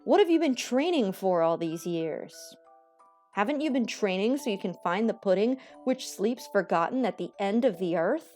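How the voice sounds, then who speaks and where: A woman voicing the game's earnest young man, calmly reasoning with a friend. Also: medium pitch, moderate pace, soft background music, close to an everyday voice. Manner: calm, earnest persuading.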